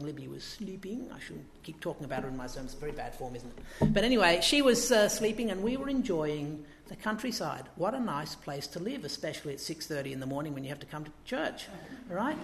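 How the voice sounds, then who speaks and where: A man preaching a sermon, animated and building up to emphatic peaks. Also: fairly high pitch, echoey room, slight background noise. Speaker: pastor.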